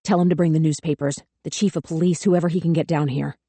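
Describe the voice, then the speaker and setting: A woman narrator voicing an urgent, wary man in an audiobook, speaking low and clipped. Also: fairly even intonation, fast, warm tone, breathy edge, dry recording. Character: wary male small-town lawyer, urgent, steady.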